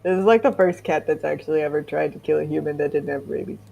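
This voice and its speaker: A woman's voice: deep voice, steady tone, quick pace, vocal fry, dark tone. A woman chatting playfully during a casual tabletop game session. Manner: playful, laughs often. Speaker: player.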